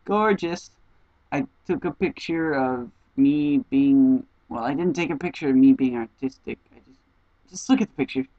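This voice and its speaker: A young man, an exchange student, telling stories to the camera in an animated, casual vlog style, acting out conversations in high squeaky voices. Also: normal speed, no echo, lo-fi sound.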